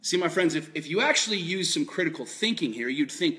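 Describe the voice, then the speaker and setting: A man's voice: on the high side, animated, brisk, hardly any pauses, pushed and bright. A man giving a fired-up political monologue, emphatic and repetitive, with lots of swearing. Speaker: political commentator.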